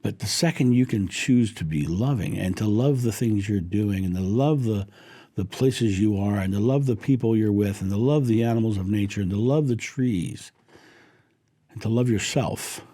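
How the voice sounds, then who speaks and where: A middle-aged man giving a slow, heartfelt spiritual talk, lingering gently on his words. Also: fairly low pitch. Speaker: spiritual teacher.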